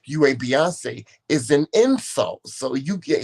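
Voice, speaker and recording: Homme expressif, conteur théâtral. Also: male voice, mid-range voice, unhurried, breathy edge. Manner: expressive, theatrical storytelling. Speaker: co-host. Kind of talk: casual couple chat.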